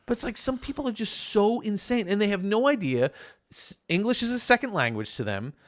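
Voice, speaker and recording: A man with a New York accent, co-hosting a casual podcast chat and telling a story with lively, acted-out quotes. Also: high-pitched, brisk, no echo, studio quality. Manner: animated storyteller, acts out quoted lines loudly. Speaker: podcast co-host. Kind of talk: casual chat over beers.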